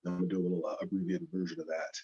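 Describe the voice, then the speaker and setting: A man, a guest guitarist on a livestream, talking casually in a relaxed, rambling way with many pauses and fillers. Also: deep voice, dull audio. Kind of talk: singing with guitar, then casual spoken intro. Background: loud guitar.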